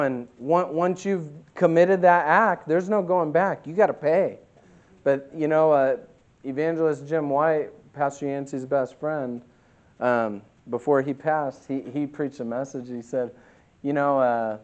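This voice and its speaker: A man preaching a sermon as pastor. He preaches emphatically, swinging from loud to quiet, and reads scripture slowly. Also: medium pitch, muffled recording.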